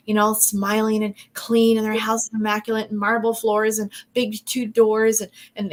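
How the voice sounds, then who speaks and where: A woman giving a personal testimony on a talk show, animated and acting out her own reactions as she tells the story. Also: medium pitch.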